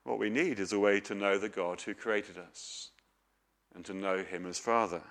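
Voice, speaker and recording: A man's voice: fairly low pitch, moderate pace, a bit bright. A middle-aged man preaching a sermon, earnest and questioning, with homely stories.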